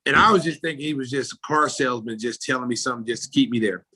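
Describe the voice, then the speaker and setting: A man's voice: rapid-fire, husky. A middle-aged American man, a former basketball player turned announcer, telling stories in a casual interview and acting out the people in them. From United States. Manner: animated storyteller, acts out quoted people with jumps in pitch and loudness.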